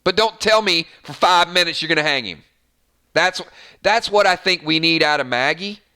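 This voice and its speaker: A smooth voice on the high side, at normal speed, belongs to a Georgia-born channel host with a light Southern accent. In his casual fan chat he rambles, repeats himself often, and sounds animated.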